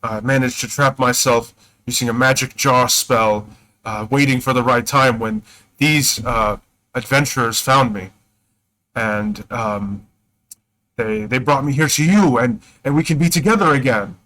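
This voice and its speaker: Man playing an earnest wizard back from death, halting, bright voice. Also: medium pitch, rough recording.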